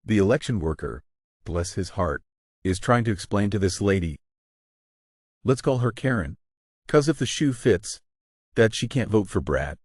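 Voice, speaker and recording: A man with a fairly low voice tells a first-person story in a casual, wry storytelling manner. The recording is dry and close, with no room sound. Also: lively intonation, moderate pace, pauses often, dry recording. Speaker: story narrator.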